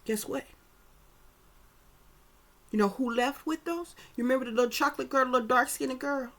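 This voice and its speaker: Woman psychic reader, slightly high-pitched, emphatic and profane, loose conversational delivery. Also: moderate pace, a bit bright. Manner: emphatic, profane, keeps checking in with listeners. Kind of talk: casual psychic reading commentary.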